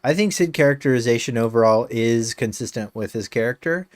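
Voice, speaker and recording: A man's voice: medium pitch, brisk, no echo. A male game streamer chatting casually on a live stream, rambling with many fillers and slipping in dry jokes.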